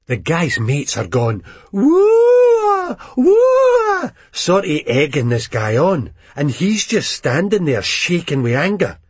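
A man with a Scottish accent reading a first-person story aloud in dialect, lively and expressive. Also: mid-range voice, measured pace, hardly any pauses, breathy edge, dry recording. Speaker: reader.

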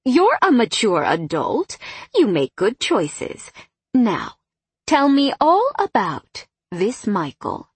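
A woman voicing a chatty, doting older mother with a high, eager voice. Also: huge pitch swings, slow pace, husky, dry recording, full character voice.

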